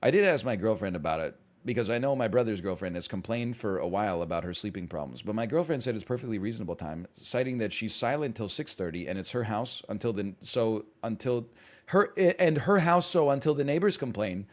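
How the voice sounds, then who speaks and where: A man's voice: on the low side, animated, fairly quick. A man streaming and chatting casually, rambling, sarcastic and profane, with frequent stammers and restarts.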